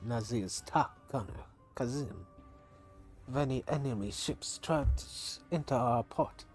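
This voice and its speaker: A man's voice: mid-range voice, measured pace, faint music behind, close to an everyday voice. A man voicing a bored, restless male gunner in a game.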